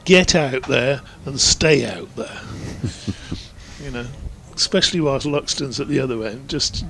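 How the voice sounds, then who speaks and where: A man's voice: mid-range voice, animated, slow, fairly bright tone. A man giving live ball-by-ball cricket commentary in a chatty, rambling way, drifting into anecdotes between deliveries.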